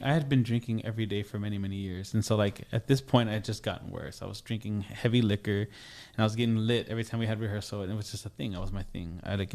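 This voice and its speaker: A man's voice: fairly low pitch, darkish tone. A young man, a podcast guest, telling a personal story in a rambling, casual way, full of restarts and fillers.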